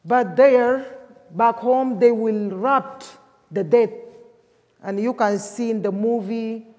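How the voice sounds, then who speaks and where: Slow-preaching woman, echoing hall. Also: fairly high pitch, dark tone, dull audio. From Sudan. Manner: emphatic, with non-native English grammar. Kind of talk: sermon. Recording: long hall reverb.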